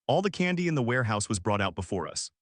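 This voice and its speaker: A man narrating an emotional story in first person, steady and earnest. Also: mid-range voice, fast, no room sound, clean studio sound.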